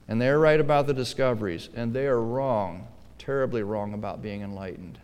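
A pastor delivers his sermon in a smooth, resonant man's voice, with a long reverb trailing each phrase through the hall. He moves from soft, low asides to loud, pressing lines that drive each point home. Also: normal speed. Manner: emphatic preaching, swinging between quiet asides and forceful stressed lines.

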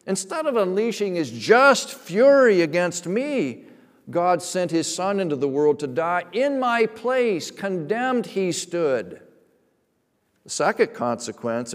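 A man preaching a sermon as a pastor, emphatic, rising to loud, slowed stresses and dropping to quiet asides. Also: on the high side. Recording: long reverb of a large hall.

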